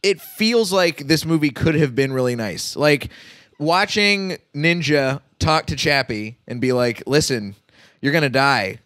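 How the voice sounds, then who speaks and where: A man's voice: a little high, animated, a little slow, fairly bright tone, no room sound. A man hosting a casual podcast, laid-back and dry as he recaps a story. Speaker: podcast host.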